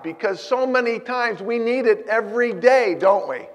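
A man preaching a sermon as pastor, moving between emphatic points and quiet personal storytelling. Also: high-pitched, normal speed, hardly any pauses, in a large hall.

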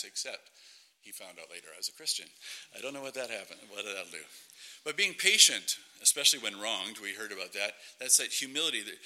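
A man's voice: lowish voice, bright, forceful tone, rough recording. A man preaching a sermon in a conversational way, often asking rhetorical questions of his listeners.

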